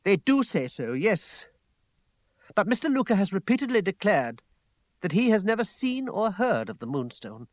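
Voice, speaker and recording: Brief: suave, guarded gentleman, read by a man, low and measured, dry. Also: very animated, dry recording, natural voice. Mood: evasive. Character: smooth, evasive gentleman, composed.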